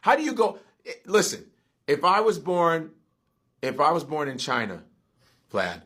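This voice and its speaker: A man from the United States in heated casual chat. His pitch swings widely and sits a little high, and his voice is husky. He swears freely and keeps pressing rhetorical questions. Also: measured pace. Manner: animated, profane, rhetorical questions.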